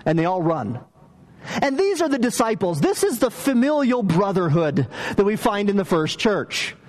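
A pastor gives a conversational sermon driven by stories, pausing to ask his listeners questions. He speaks at a moderate pace in a high-pitched, sing-song voice.

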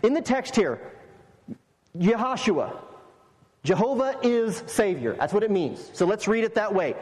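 High-voiced man preaching in a reverberant hall. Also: big pitch swings, measured pace, a little mellow. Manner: explains step by step, emphatic. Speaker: pastor. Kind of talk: sermon. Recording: long reverb of a large hall.

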